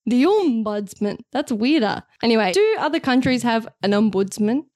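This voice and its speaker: Woman podcast co-host, teasing and jokey, slightly high voice. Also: expressive, darkish tone, no echo, studio quality. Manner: teasing, joking, quick to laugh. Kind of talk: casual chat.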